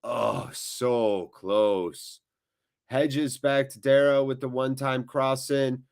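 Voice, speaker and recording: A man's voice: mid-range voice, steady tone, slow, clean tone. Chatty man hosting a live match watchalong. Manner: chatty, reacts loudly to big moments. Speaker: watchalong host. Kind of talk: live match commentary and chat reading.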